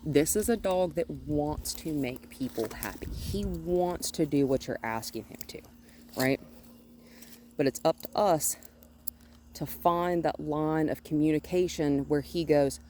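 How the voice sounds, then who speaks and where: A woman working as a dog trainer, calmly explaining her methods during a hands-on outdoor session and often breaking off to praise the dog. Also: sits low, unhurried, slight background noise. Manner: calm and explanatory, with frequent cheerful praise for the dog. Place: outdoors near a gate with a noisy HVAC unit.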